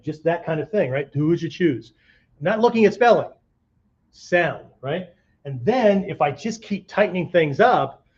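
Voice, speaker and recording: A man teaching a martial arts whiteboard lesson, demonstrating shouts and vocal sounds and checking in with "right?" after nearly every phrase. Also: fairly high pitch, lo-fi sound.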